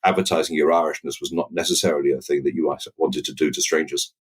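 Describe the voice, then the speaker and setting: A very low, bass-voiced man with a near-BBC southern English accent. He talks in a stop-start way, repeating words and restarting his sentences as he answers interview questions. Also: steady tone, quick pace, husky. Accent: southern English, near standard BBC. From England. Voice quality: deep bass voice. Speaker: podcast guest. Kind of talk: conversational interview.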